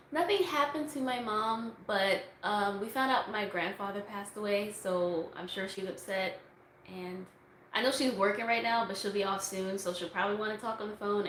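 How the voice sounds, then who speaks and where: A woman's voice: medium pitch, a bit bright. A young woman chatting casually on a livestream, answering viewer questions in a rambling way with lots of fillers, recorded on a phone. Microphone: phone on a tripod. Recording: echoey room, faint noise.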